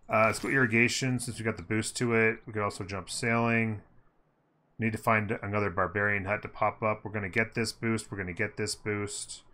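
A man's voice: on the low side, steady tone, fairly quick, pushed and bright. A man giving upbeat, casual commentary on a strategy game, thinking aloud and humming as he plays. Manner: upbeat, thinking aloud, hums while playing. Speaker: gameplay commentator.

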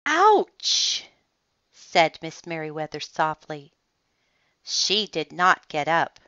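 A woman reading a children's picture book aloud in an expressive, deliberate storytelling manner. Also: sits low, clear, resonant tone, dry recording. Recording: dull lo-fi, dry sound.

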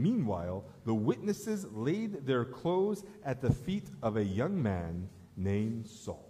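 A man's voice: medium pitch, big pitch swings, takes it slowly, few pauses, warm tone. Earnest preaching man, echoey church hall. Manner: earnest storytelling preacher, rises to emphatic appeals. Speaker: pastor. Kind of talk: sermon. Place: church sanctuary.

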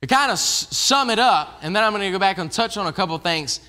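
A man's voice: high-pitched, expressive, quick pace, sharp tone. A man preaching a casual evening sermon in a church, talking conversationally and often restarting his phrases.

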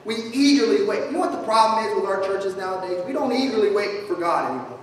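A man preaching a sermon as pastor, animated and humorous, swinging between shouts and quiet asides. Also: sits high, fast. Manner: humorous storytelling. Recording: echoey hall from far off, faint noise.

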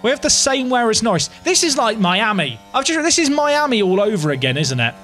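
Young male streamer, fairly high voice that swings wide, dramatic and self-mocking live game chatter, faint music underneath. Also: big pitch swings, a little fast, a bit bright. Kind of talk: live gameplay commentary.

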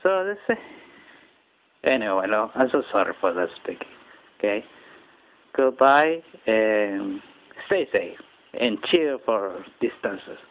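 A man from Japan, rambling through a personal story in halting English with many restarts. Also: lowish voice, big pitch swings. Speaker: channel host. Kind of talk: casual personal monologue. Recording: tinny phone-quality audio with faint noise.

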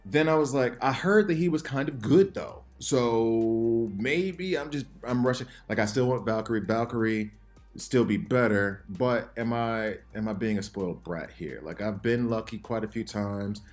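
A man hosting a casual game commentary video, rambling and excitable, jittery from too much coffee. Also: lowish voice, unhurried, soft background music. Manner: rambling, excitable, self-interrupting. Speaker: gaming channel host.

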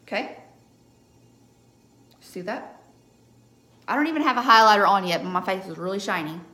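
Her medium-pitched voice is animated and sharp in tone, moving at a moderate pace. A young woman is chatting through a live makeup tutorial at home under a ring light, repeatedly asking viewers "okay?" after most steps, with the room sounding echoey.

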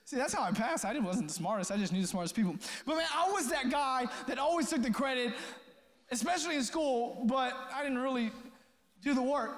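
A young adult man, a youth pastor, telling a story in a sermon and acting out his friends' voices. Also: extremely high pitch. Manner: animated, acts out friends' voices. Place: church youth hall. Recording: echoey hall.

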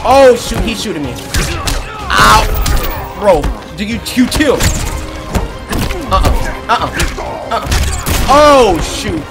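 Loud animated man commentating a fight game. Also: high-pitched, slow pace, pauses often, over loud music. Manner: loud, animated, trash-talking, shouts at the screen. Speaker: gaming YouTuber. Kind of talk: excited gameplay commentary.

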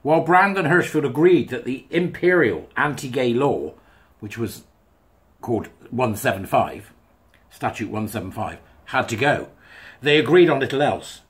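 Male commentator, husky, reads a text aloud and riffs on it casually. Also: mid-range voice, expressive, moderate pace. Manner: chatty, wry asides, breaks into laughs. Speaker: commentator reading a thread aloud. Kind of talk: casual monologue reading and commenting.

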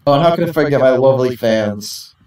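A man's voice: mid-range voice, expressive, fairly quick, a little mellow, natural voice. A man voicing a vain, glamorous young female celebrity actor while reading game dialogue aloud, showy and self-satisfied. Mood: preening. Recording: echoey, distant from the mic.

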